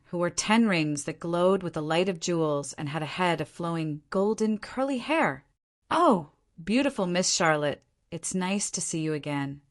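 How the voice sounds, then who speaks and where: A woman narrating an audiobook in an even, measured reading style. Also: on the low side. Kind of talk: scripted narration.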